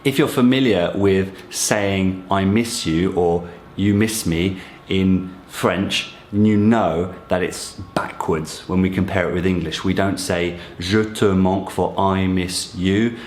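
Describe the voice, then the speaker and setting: A man with a fairly low voice explains everyday French expressions, friendly and encouraging as he talks straight to his viewers. His voice bounces around an echoey room. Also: slight background noise. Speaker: French teacher. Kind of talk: casual explanatory teaching.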